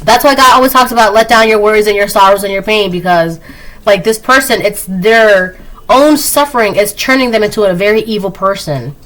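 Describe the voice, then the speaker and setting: A woman doing a casual spoken tarot reading, chatty, laughing often and acting out quick quoted voices. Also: mid-range voice, fairly bright tone, poor audio. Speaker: tarot reader.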